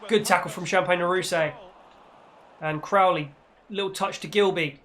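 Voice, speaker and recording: A man, hosting a gaming channel and giving playful, excitable football commentary over his own gameplay. He breaks into mock-commentator shouts when the action peaks. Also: sits high, normal speed, slight background noise.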